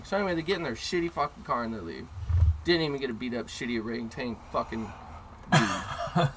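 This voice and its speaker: A man co-hosting a casual podcast, telling a story in a brash, profane, animated way, recorded in a car. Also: medium pitch, fast, poor audio. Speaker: podcast co-host. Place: inside a car.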